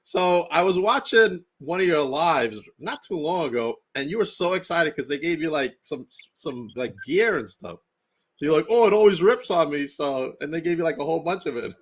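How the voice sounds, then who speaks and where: A man hosting a podcast interview, relaxed and casual, often laughing and chiming in with quick affirmations. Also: a little high, breathy edge. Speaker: podcast host.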